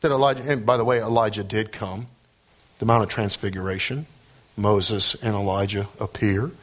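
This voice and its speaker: A man's voice: lowish voice, steady tone, normal speed. A man preaching a sermon, emphatic and repetitive, building to fervent peaks.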